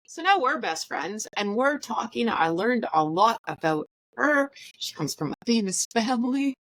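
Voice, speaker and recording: A woman casually telling a personal story, chatty and animated, acting out the lines of the people in it. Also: on the high side, normal speed, no room sound, low-quality recording. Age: adult with school-age or older children. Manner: chatty, animated, acts out dialogue. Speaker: podcast host sharing her story.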